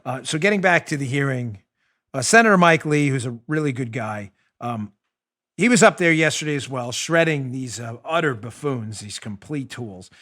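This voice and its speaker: A man's voice: mid-range voice, animated, moderate pace, a bit bright. A middle-aged man, hosting a talk show in a combative, sarcastic monologue. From New York. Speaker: show host.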